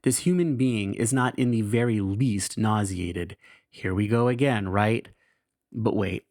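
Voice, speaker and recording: A man's voice: on the low side, unhurried, a little mellow, no room sound, studio quality. A man hosting a podcast, candidly reading his caregiving diary aloud in a wry, self-mocking way, swearing casually. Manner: frank and wry, swears casually, laughs at himself.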